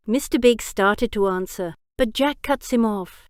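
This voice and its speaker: A woman narrating a crime story, reading slowly and expressively. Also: fairly high pitch, no echo, clean studio sound.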